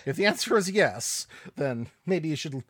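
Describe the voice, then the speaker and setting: A man's voice: a little high, expressive, moderate pace, a bit bright, no echo. A man co-hosting a podcast in casual chat, making dry, wry quips and laughing often. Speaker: podcast co-host.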